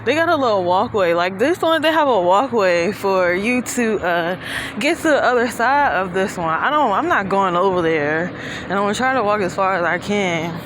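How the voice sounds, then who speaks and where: A woman vlogger out of breath as she walks a rest-area trail, chatting casually and rambling in relaxed slang into a handheld phone. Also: medium pitch, moderate pace. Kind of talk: casual vlog narration while walking. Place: outdoors at a highway rest area. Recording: outdoor traffic noise.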